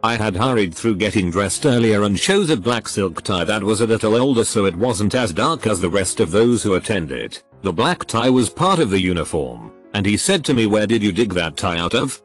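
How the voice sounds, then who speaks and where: A man reading reader-submitted stories aloud as scripted narration, saying the punctuation marks out loud in a flat delivery. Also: lowish voice, moderate pace, few pauses, faint music behind.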